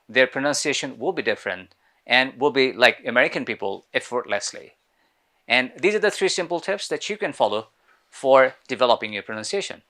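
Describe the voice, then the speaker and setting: Lively, bright-voiced man teaching English. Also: medium pitch. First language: Bengali. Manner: earnest, repeats phrases, lively emphasis. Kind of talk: spoken English lesson.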